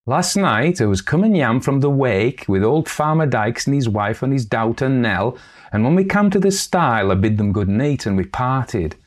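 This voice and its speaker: A man voicing an eager, foolish young country girl who speaks in Northern English dialect and tells her tale excitedly. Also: mid-range voice, normal speed, pitched above the performer's own voice, lightly acted.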